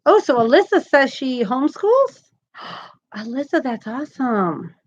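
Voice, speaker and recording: A woman's voice: high voice, big pitch swings, unhurried, lo-fi sound. A woman in her thirties hosting a live crochet stream from home, chatty and giggly as she reads viewer comments aloud. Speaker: crochet channel host. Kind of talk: casual live-stream chat.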